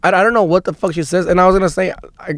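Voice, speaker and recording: A young man with a slightly high voice rambles through a story on his podcast, swearing freely and restarting his sentences. The sound is dry and close, with no room echo. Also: steady tone, rapid-fire, fairly bright tone. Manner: rambling, profane, restarts a lot. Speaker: podcast host. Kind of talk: casual storytelling monologue.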